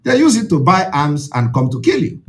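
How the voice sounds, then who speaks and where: A man's voice: a little high, big pitch swings, a little fast, a little hiss or hum. A man with a Nigerian accent, an Igbo speaker, addresses his followers in an impassioned, repetitive, preaching way.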